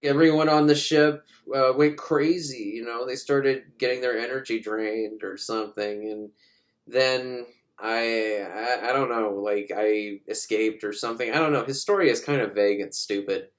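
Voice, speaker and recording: A man's voice: medium pitch, steady tone. Man sarcastically recapping a movie. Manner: sarcastic, profane, acts out characters in quick voices. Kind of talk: casual comedic movie recap.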